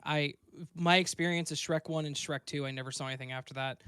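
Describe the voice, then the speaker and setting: A man's voice: fairly high pitch, steady tone, fast, fairly bright tone, clean tone, no room sound, studio quality. A man who narrates stories, co-hosting a podcast in blunt, casual chat and swearing freely. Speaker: podcast host and story narrator.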